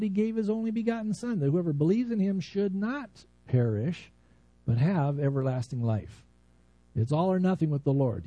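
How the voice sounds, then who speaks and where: A man's voice: on the high side, dark tone, no room sound. A man preaching an earnest, conversational sermon, then leading a prayer. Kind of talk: sermon with altar call and prayer.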